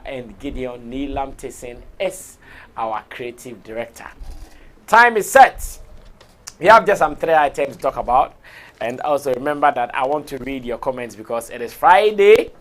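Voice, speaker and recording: A man with a Ghanaian accent hosting a live entertainment talk show, his voice hoarse, talking in an excitable, expressive way and laughing often. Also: mid-range voice. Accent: Ghanaian English. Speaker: show host.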